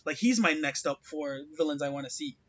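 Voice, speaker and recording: High, bright-voiced man chatting fast. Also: dull audio. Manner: excitable, lots of "like" fillers. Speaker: podcast co-host. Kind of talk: casual chat.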